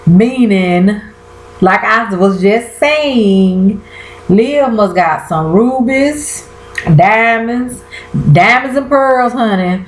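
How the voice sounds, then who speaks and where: A woman's voice: fairly high pitch, expressive, extremely slow. A woman casually recapping a TV episode, chatty and colloquial, talking straight to her viewers and often trailing off and restarting. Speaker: TV show recapper. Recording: roomy echo.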